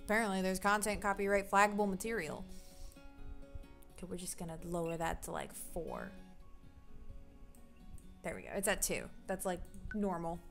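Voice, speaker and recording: A woman's voice: fairly low pitch, big pitch swings, moderate pace, creaky, pauses often. A woman streaming a game, chatting casually and giggling as she greets her chat and reads along. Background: faint game music.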